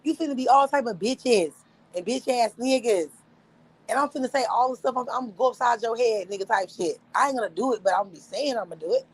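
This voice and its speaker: A young woman hosting a livestream tells a story casually and with animation, laughing often and cursing freely. Her fairly high voice is slightly rough, and the recording quality is low.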